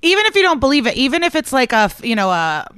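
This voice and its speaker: Female comic guest, smooth clear voice, chatty and self-mocking, dry studio sound. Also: high-pitched, very animated, very fast, fairly bright tone, no echo. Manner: chatty, self-deprecating storytelling. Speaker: comedian guest. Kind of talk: casual comedic chat.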